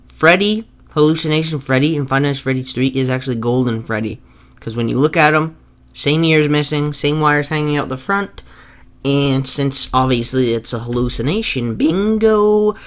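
A man's voice: mid-range voice, a bit bright. A young man making a gaming video, talking casually and eagerly to his viewers and often restarting his sentences. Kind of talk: casual talk to viewers over gameplay footage.

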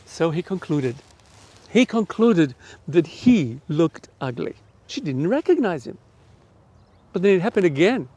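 A middle-aged Australian man tells a children's story during an online church service, his husky voice on the high side and his pace measured. His delivery is lively and animated, and he puts questions directly to the listeners.

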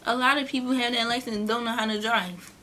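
A young woman vlogger, chatting casually through a storytime and acting out the people in it. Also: fast talker. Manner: chatty, animated, acts out quotes in a higher voice. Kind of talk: casual storytime during a mukbang.

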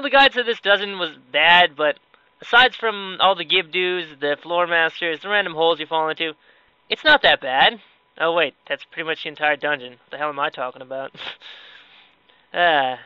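A man's voice: fairly high pitch, sharp tone, no echo, lo-fi sound. A man giving casual, sarcastic let's-play commentary, exclaiming and joking at the game as he plays. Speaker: gaming video creator.

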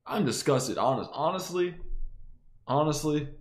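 A man's voice: fairly high pitch, expressive, a little slow. A young man reacting to a movie with profane, laughing, incredulous outbursts. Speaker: reaction video host. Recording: echoey room.

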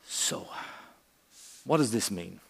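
A man giving a conference keynote speech on a stage, with a theatrical, varied delivery, long pauses and punchy asides. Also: lowish voice, lively intonation, gravelly, slightly rough, big-room sound. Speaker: keynote speaker.

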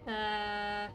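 A woman, a native Italian speaker, streaming a video game in casual chat, swearing and laughing as she plays. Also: mid-range voice.

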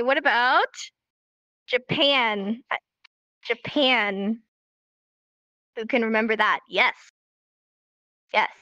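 A woman's voice: high-pitched, sharp tone, no room sound. A woman teaching a live online sign language class in an upbeat, encouraging way, recorded as dull lo-fi stream audio.

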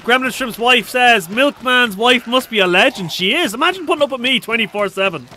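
High-pitched, bright-voiced male streamer. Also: lively intonation, a little fast, a little hiss or hum. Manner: high-energy, swearing, joking with chat. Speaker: game streamer. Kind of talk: live gameplay streaming, reading chat aloud.

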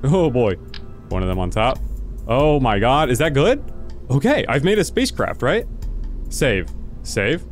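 Casting: a bouncy, easily excited gamer guy thinking out loud as he fumbles through a game, with faint game music underneath. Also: medium pitch, a little slow, pauses often. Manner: excitable, confused, talks to himself while playing. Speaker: gaming video host. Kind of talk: casual let's-play commentary.

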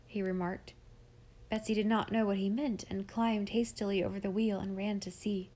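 A woman narrating a classic children's novel aloud in a measured, expressive reading. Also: medium pitch. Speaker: audiobook reader. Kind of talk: scripted storybook narration.

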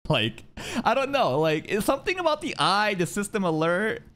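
A young man casually reacting to an anime episode as a streamer, swearing, laughing and riffing quick jokes. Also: high voice, sing-song, a bit bright. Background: anime soundtrack playing.

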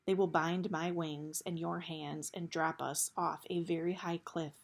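A woman's voice: sits low, level tone, unhurried. A woman voicing a grave, guilt-ridden male bat warrior who speaks formally and stiffly, without contractions.

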